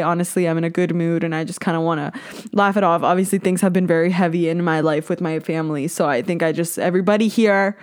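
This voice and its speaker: Candid, swearing young woman podcast host. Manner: candid, swears freely, mimics others with high squeaky voices. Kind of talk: casual solo podcast chat.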